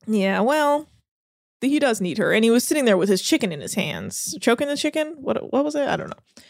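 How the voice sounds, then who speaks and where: A woman's voice: on the high side, big pitch swings, fairly quick, gravelly, no room sound, clean studio sound. A woman hosting a podcast, chatting casually and animatedly, swearing and quoting people in voices. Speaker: podcast host. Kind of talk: casual chat recap.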